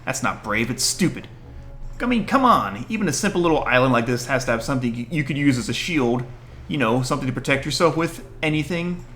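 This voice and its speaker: A man doing a brash young pirate captain girl with a bright, forceful edge, scornful and bossy as she hands out orders in a game's story scene. The voice stays at an ordinary pitch with some faint music underneath. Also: lively intonation, a little fast, lightly acted.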